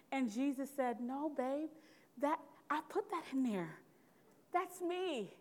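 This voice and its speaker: Woman preacher, sermon, earnest and conversational, fairly high voice, asks the crowd for amens. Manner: earnest, conversational preaching with call-and-response asides.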